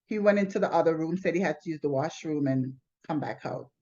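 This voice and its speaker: A woman's voice: low voice, brisk, dark tone. A woman telling her personal testimony in an earnest, plainspoken way, often restarting her sentences. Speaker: testimony sharer. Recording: slightly dull lo-fi recording.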